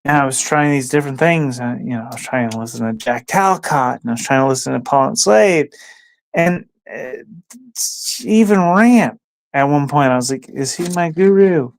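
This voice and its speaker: On his casual livestream, a male host muses and rambles aloud in a creaky, medium-pitched voice at normal speed. Between thoughts he sometimes talks to his dog.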